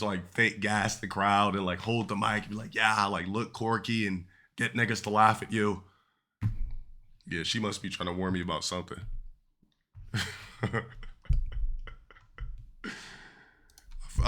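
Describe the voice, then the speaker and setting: A man's voice: low voice, sharp tone. A man streaming, ranting casually to his chat in a rambling, profane way that keeps trailing off.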